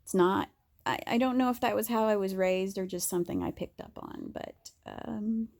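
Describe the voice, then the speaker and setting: Gravelly, dark-voiced woman vlogging. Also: mid-range voice, wildly swooping pitch, moderate pace. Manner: candid and rambling, with many fillers and restarts. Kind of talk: casual monologue to camera.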